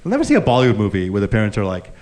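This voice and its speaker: This man's voice is lowish and racing as he works through a live stand-up set in front of an audience that laughs along. He grew up Indian and tells animated stories, playing out the people in them.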